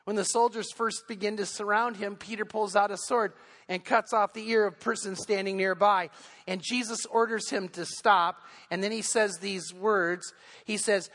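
High-voiced preacher in a reverberant church. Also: male voice, fairly even intonation, normal speed, fairly bright tone. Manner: earnest storytelling, building intensity. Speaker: pastor. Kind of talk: sermon. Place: church sanctuary.

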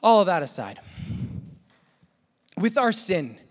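A man telling a lively personal story in a sermon, sometimes imitating gunfire and shouting. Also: high voice, slow. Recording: long reverb of a hall.

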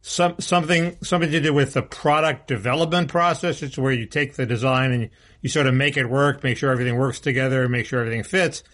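A man's voice: mid-range voice, quick pace, fairly bright tone. A man co-hosting a casual political podcast, talking bluntly and restarting his sentences often. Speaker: co-host.

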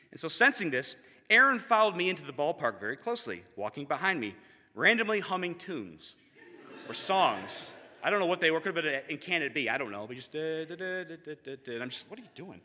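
A man telling a personal story to a live audience, animated and self-mocking, acting out the people in his stories. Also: a little high. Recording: long reverb in a hall.

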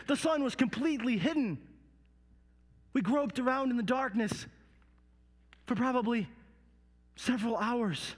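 A man telling a Bible story in the first person, slow and solemn, rising to loud cries at the quoted lines, recorded in a large reverberant hall. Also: very high-pitched. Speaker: dramatic storyteller.

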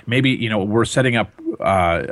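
A man appearing as a guest on a radio show, answering earnestly with some halting restarts. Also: on the low side, a bit bright, dry recording. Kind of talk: interview answers.

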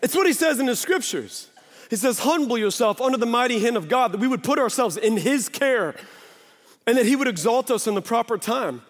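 A high-pitched man preaches to his congregation, animated and lively, dropping into little acted voices to make his point. His words ring out with a long reverb from a church hall. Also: fairly quick. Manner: animated, acts out voices of people and God. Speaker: pastor. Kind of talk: sermon. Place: church sanctuary.

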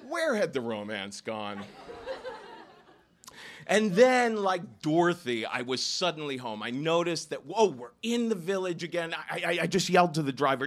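A man from Ohio telling a story live in a small lounge, acting out the people he quotes with sudden jumps in pitch. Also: normal speed. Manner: animated, acts out quoted voices with sharp jumps in pitch.

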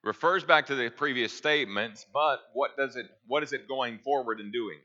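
Bright-voiced man teaching a Bible lesson. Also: medium pitch, moderate pace, lo-fi sound. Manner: asks the class questions and answers them himself.

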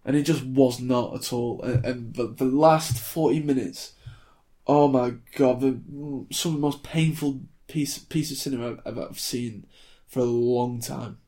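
A man's voice: mid-range voice, a little slow. Blunt man in his twenties. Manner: blunt, wry, animated when ranting. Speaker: podcast co-host reviewing films. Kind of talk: casual chat.

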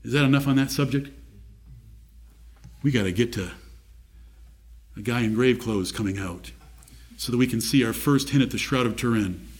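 A man's voice: medium pitch, normal speed, long pauses. A man preaching a sermon, reading scripture aloud and asking his listeners direct questions.

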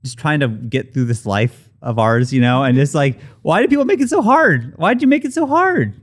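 A man's voice: on the high side, very animated, brisk. A man co-hosting a podcast, reacting to stories with incredulous questions and casual swearing. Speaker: podcast co-host. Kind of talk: casual chat.

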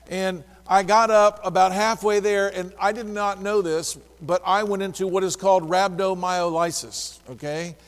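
A male pastor preaching a sermon, telling a story lively and acting out the dialogue. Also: high voice, big-room sound.

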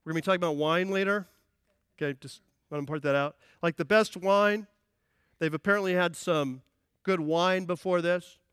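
A man preaching a sermon as pastor, energetic and playful, acting out voices with humor. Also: a little high, a little fast, clean tone, no room sound, clean studio sound. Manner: energetic, playful, acts out quotes. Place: church.

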